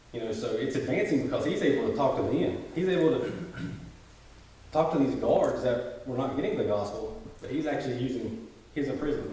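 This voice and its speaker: A man with a mellow, dark voice reads scripture and then teaches it casually, full of "you know" and self-corrections. He sounds distant from the microphone, in a very echoey room. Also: medium pitch. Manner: conversational, many "you know" fillers and restarts. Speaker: bible study teacher. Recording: roomy echo, voice from far off the mic.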